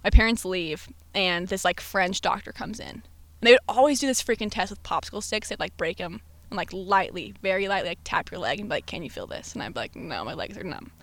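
A woman in her twenties, chatting as a podcast guest and telling her story in a lively, slangy way with frequent laughter. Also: medium pitch, fairly quick, no room sound. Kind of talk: casual chat.

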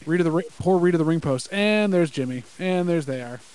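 A man's voice: a little high, expressive, fairly quick, a little mellow, clear, resonant tone, poor audio. A man co-hosting a casual wrestling podcast, telling stories with wry, dry asides. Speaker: podcast co-host. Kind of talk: casual live-react chat.

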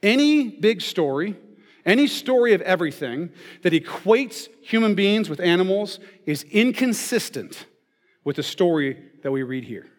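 Guy preaching a sermon, slightly high voice, keeps asking "right?", long hall echo. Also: big pitch swings, normal speed. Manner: conversational, often checks in with "okay?" and "right?". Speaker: pastor. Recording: long reverb of a large hall.

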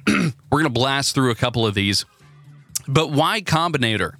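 A man with a bright, crisp voice at a middling pitch, hosting a casual podcast with rambling, stammering delivery. He runs the segments and tells stories between laughs, with music faint under him. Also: big pitch swings, moderate pace, no echo. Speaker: podcast host. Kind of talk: casual comedic chat.

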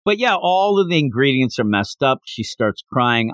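A man hosting a podcast, recapping a manga chapter in casual, animated chat with frequent laughter. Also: mid-range voice, normal speed, dry recording, studio quality. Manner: animated, laughing, acts out quotes. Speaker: podcast host.

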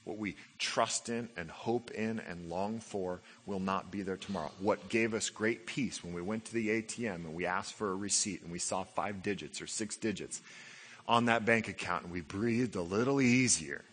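A man preaching a sermon, building to loud emphatic passages and dropping to low, quiet stretches. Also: moderate pace. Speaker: pastor.

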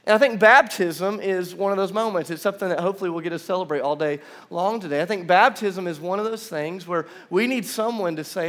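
A man's voice: sits high, brisk, few pauses. A young man preaching a conversational sermon in a large church room, telling stories with casual asides. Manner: animated storytelling, casual asides. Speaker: pastor. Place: large church room with about seven hundred seats.

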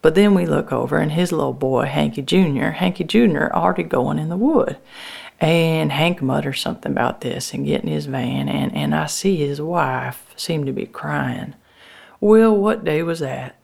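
A woman telling a first-person story in folksy rural dialect, with halting restarts. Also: deep voice, creaky, a little mellow.

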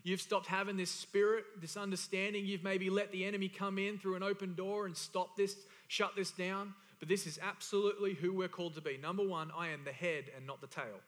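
Male pastor, high ringing voice, emphatic, repetitive sermon delivery, reverberant church hall. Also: steady tone, fairly quick, hardly any pauses, fairly bright tone. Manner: emphatic, repeats key phrases for stress.

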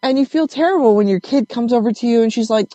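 A woman's voice: a little high, fast talker, no room sound, dull audio. Swearing woman telling a story. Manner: animated, swearing, acts out quoted voices. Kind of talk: casual storytelling chat.

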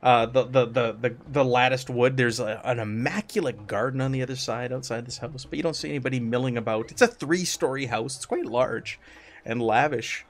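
A man's voice: medium pitch, brisk. A man narrating a tabletop role-playing game as game master, describing scenes with frequent restarts.

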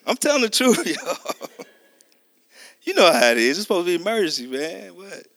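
A man's voice: high voice, sing-song, moderate pace, sharp tone, no echo. A middle-aged man preaching a testimony sermon, telling a story animatedly and acting out the dialogue. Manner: conversational, addresses listeners as y'all.

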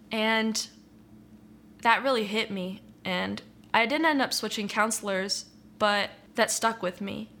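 Bright-voiced young woman sharing testimony. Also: medium pitch, steady tone, measured pace, gravelly. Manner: earnest, reflective, uses filler "like" and "you know". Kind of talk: personal testimony, candid conversational storytelling.

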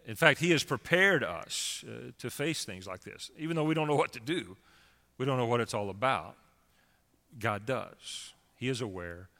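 A male pastor delivers a sermon in a relaxed, conversational way, mixing scripture with casual asides. His voice is bright and forward. The sound carries a long reverb, as if in a large church sanctuary. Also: mid-range voice, normal speed, vocal fry. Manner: conversational, animated preaching with asides.

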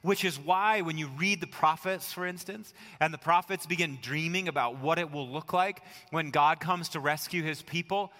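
American pastor preaching in a reverberant church. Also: male voice, a little high, brisk, few pauses. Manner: conversational storytelling, dropping to soft near-whispers for emphasis. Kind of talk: sermon. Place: church sanctuary.

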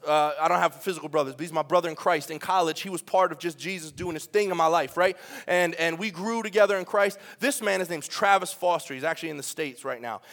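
A young adult man preaching a sermon in a church, animated and joking, firing questions at the congregation. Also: high-pitched. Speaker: pastor. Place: church sanctuary.

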